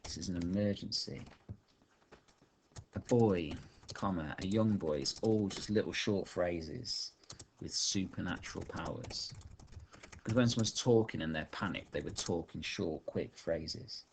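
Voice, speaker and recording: Male teacher, low voice, slow think-aloud dictation at the keyboard. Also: gravelly, a little mellow, a little hiss or hum. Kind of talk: online writing lesson while typing.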